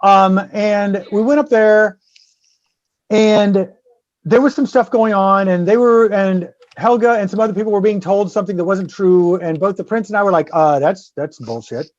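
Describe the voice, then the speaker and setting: A man's voice: high-pitched, normal speed, no echo, muffled recording. A man guest-hosting a podcast. He tells a story in casual chat, swears freely and acts out the people in it. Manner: acts out the people in his stories. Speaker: guest host.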